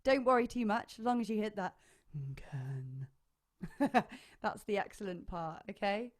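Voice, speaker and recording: A woman's voice: mid-range voice, expressive, measured pace. A woman choir leader teaching harmony parts online, chatty and enthusiastic, singing short phrases to demonstrate. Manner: enthusiastic, hesitant fillers.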